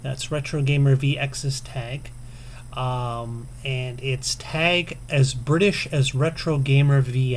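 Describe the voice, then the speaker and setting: A man's voice: mid-range voice, a little hiss or hum. A man vlogging casually to camera, chatty and self-deprecating, with frequent ums and little chuckles. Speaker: video game vlogger. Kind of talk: casual to-camera tag response.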